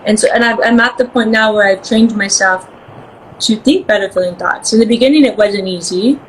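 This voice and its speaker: A woman guest in a casual interview chat, bubbly and quick to laugh, acting out voices as she tells stories. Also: medium pitch, slight background noise, poor audio.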